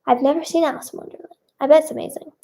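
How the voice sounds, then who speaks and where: A woman's voice: high-pitched, fairly even intonation, very fast, gravelly, dark tone, a little hiss or hum. A young woman singer answering fan questions in casual chat, bubbly and self-conscious, with many fillers.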